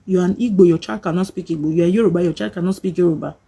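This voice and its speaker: Nigerian woman vlogger, very husky mellow voice, emphatic scolding rant with pidgin. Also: fairly low pitch, very fast. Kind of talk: opinionated rant to camera.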